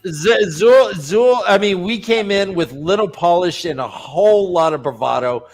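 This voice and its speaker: Animated, joking man telling a story. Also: high voice, normal speed, a crowd in the background. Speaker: podcast co-host. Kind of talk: casual panel chat.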